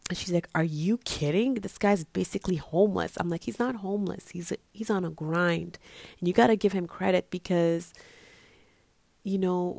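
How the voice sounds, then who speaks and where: A woman with a low, gravelly voice tells a friend's story in a casual, chatty way. She acts out the quoted lines as she goes. The sound is dry and close. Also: a little mellow, no echo.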